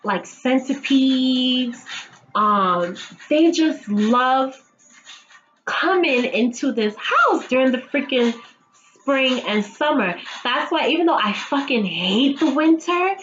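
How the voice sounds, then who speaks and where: Woman vlogger, higher voice, loose and profane, laughs a lot; dull lo-fi recording. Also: expressive, takes it slowly, fairly bright tone, slight background noise. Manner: chatty, swears freely, laughs often. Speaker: TV episode reviewer. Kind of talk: casual episode recap.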